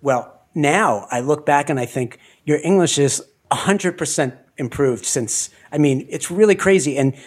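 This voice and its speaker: A man hosting an interview podcast, talking in an animated way and laughing often. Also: fairly high pitch, normal speed, few pauses. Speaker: podcast host. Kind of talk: conversational interview.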